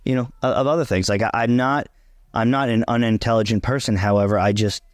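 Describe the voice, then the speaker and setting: A man's voice: medium pitch, fairly even intonation, fairly quick, no echo, studio quality. A young man co-hosting a casual chat, talking bluntly and emphatically, swearing freely and repeating himself for emphasis. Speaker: vlog co-host.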